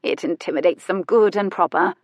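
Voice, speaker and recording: A woman's voice: fairly low pitch, brisk, no room sound, natural voice. A woman voicing a clever young lady companion with a wry, dry humour, in an audiobook character voice.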